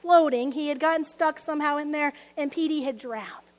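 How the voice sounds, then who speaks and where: A woman pastor preaching a lively sermon, telling stories with laughs and dropping to hushed asides. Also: high-pitched, moderate pace, in a large hall.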